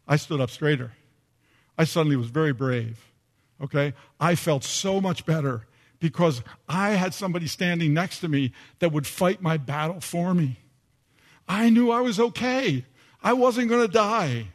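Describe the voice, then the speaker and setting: An older man preaching a sermon, telling a personal story and repeating phrases for emphasis. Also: a little high. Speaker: pastor.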